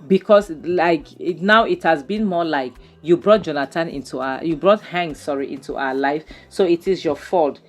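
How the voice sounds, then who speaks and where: Low-voiced exasperated woman reviewer. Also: soft background music. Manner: exasperated, talks fast with many fillers and "you know". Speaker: movie reviewer. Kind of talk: casual recap and commentary.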